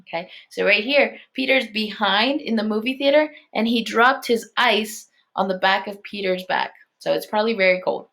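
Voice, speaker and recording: A woman's voice: mid-range voice, moderate pace, vocal fry, few pauses, a bit bright. A woman elementary teacher reading a chapter book aloud to her class, stopping to explain and check in.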